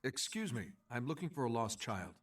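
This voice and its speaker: A man's voice: mid-range voice, very animated, normal speed, distant mic, noisy background, lightly acted. An actor voicing an earnest male hero, polite and straightforward in manner. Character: earnest male hero searching for a lost child.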